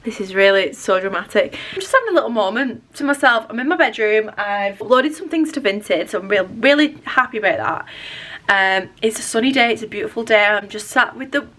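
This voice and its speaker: A woman's voice: fairly high pitch, lively intonation, fairly quick, fairly bright tone. A young woman, chatting casually to camera in her bedroom, rambling and self-deprecating. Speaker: vlogger. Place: bedroom at home.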